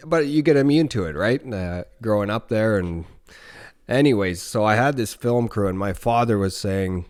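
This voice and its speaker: A man in his thirties from northern Canada, telling a story as a podcast guest in a relaxed, rambling way with swearing and restarts. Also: lowish voice, normal speed. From Nunavut, northern Canada. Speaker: podcast guest, former hockey player. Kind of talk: casual storytelling.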